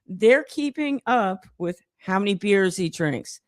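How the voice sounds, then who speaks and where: A woman's voice: medium pitch, expressive, slow pace, dry recording, studio quality. A woman hosting a casual gossip chat, giggling and chatty, often drifting off track. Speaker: stream host.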